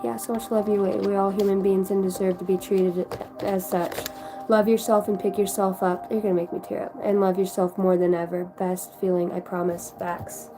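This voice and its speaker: A woman's voice: medium pitch, little pitch movement, normal speed, over music. Effusive, swearing woman tarot reader. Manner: chatty, effusive, swears freely. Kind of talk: casual livestream card reading.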